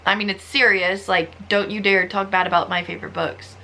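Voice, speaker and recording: A young woman vlogging casually about books, reading reviews aloud in an animated, exasperated way, often using "like". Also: mid-range voice, brisk, gravelly, a little hiss or hum. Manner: animated, exasperated, giggly, lots of "like". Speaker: book vlogger.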